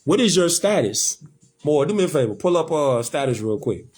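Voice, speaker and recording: Man, host, emphatic, profane, repetitive, high voice, lively pitch. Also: moderate pace. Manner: emphatic, profane, repeats his points. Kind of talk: casual conversation, preachy.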